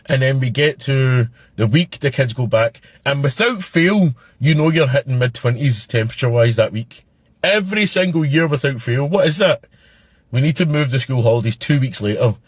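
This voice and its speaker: A Scottish man ranting in a casual vlog with an exasperated edge. His voice is husky and the recording is dry and close. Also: medium pitch, no room sound.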